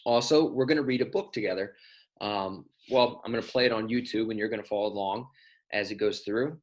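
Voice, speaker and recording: A man's voice: fairly low pitch, fairly quick, poor audio. A male teacher recording patient, step-by-step instructions for a parent and child in a remote lesson.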